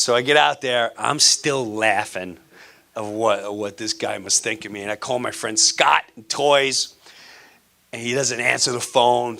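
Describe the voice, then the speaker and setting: A man performing live stand-up on a theater stage, telling a story in an animated, playful way and acting out the people in it. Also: medium pitch, gravelly. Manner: animated, playful, acts out characters. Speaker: stand-up comedian.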